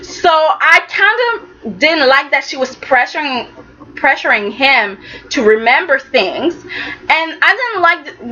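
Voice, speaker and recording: A young woman casually recapping a soap opera, animated and chatty, slipping into quick impressions of the characters. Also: high-pitched, highs cut off.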